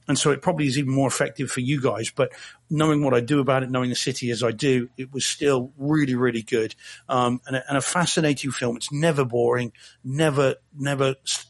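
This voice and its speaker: A man in casual podcast chat, rambling and self-correcting with a wry tone as he reviews a film. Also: medium pitch. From not from Boston.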